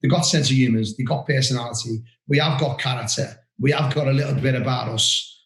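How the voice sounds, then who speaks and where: A man co-hosting a casual referees' podcast, telling anecdotes with lively mimicry. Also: medium pitch, brisk, creaky. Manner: animated anecdote-telling with mimicked voices and laughter. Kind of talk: casual chat, storytelling. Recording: roomy echo.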